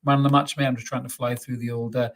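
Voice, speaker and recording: A man's voice: medium pitch, quick pace. A man hosting a live post-match fan stream, reading out viewer comments and chatting back, upbeat and calling everyone mate, often stumbling over repeated words. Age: adult father. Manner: stammers and repeats words when excited. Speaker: fan channel host.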